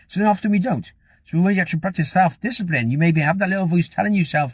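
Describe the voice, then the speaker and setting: A man delivers a brisk, encouraging motivational vlog in a husky voice pitched a bit high. He talks fast in a chatty, repetitive way. The sound is dry and close. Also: animated, dry recording. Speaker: motivational vlogger. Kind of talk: casual motivational talk to camera.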